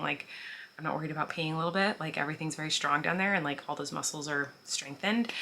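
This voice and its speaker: A woman's voice: deep voice, bright, forceful tone, a little hiss or hum. A woman in her thirties chatting casually to camera as a vlogger, full of "like" and "um" and small laughs. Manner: chatty, frequent "like" and "um", laughs while talking. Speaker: vlogger answering viewer questions. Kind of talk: casual chat.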